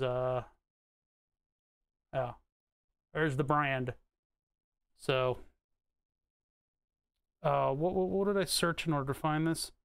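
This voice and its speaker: A man's voice: a little high, a bit bright, clear, resonant tone, no room sound, clean studio sound. Man chatting to chat while soldering. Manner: muttering to himself, answering chat. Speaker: streamer. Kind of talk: casual live-stream chat while soldering.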